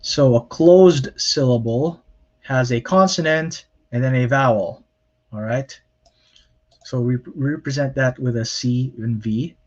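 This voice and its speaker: A man's voice: mid-range voice, measured pace, dull audio. A man teaching a recorded lecture on grammar, explaining step by step, with many fillers and self-corrections. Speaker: Hebrew lecturer.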